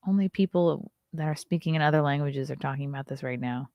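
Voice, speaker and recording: Talking fairly quickly with hardly any pauses, a woman with a low-pitched, steady voice hosts a casual morning livestream on a lo-fi recording without echo. She reads headlines aloud with sarcastic asides and now and then whispers.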